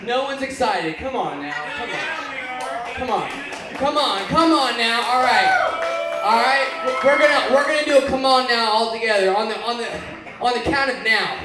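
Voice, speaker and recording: A man's voice: extremely high pitch, normal speed, over music. A man from Oklahoma doing stand-up comedy in a small bar, bantering loosely with the crowd. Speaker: stand-up comic. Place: small bar lounge stage. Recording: echoey bar room, audience noise.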